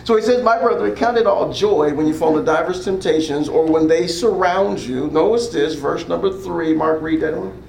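A man's voice: a little high, normal speed, gravelly, darkish tone, echoey room, a little hiss or hum, low-quality recording. A man preaching an interactive sermon as pastor, asking the congregation questions and drawing call-and-response. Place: church hall.

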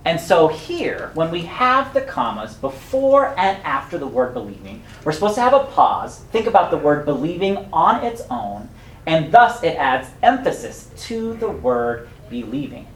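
A woman's voice: low voice, big pitch swings, unhurried, reverberant, slight background noise, rough recording. A woman preaching a sermon with a teacherly manner, explaining points step by step to a congregation.

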